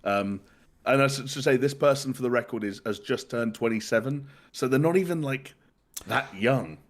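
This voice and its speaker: A man's voice: mid-range voice, moderate pace. A man from the UK hosting a podcast in casual chat, rambling and restarting his sentences. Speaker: podcast host.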